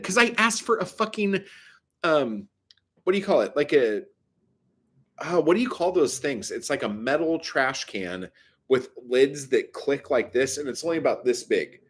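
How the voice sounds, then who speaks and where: A man casually telling a story in a vlog, swearing often and rambling with many fillers and asides. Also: fairly high pitch. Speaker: vlogger.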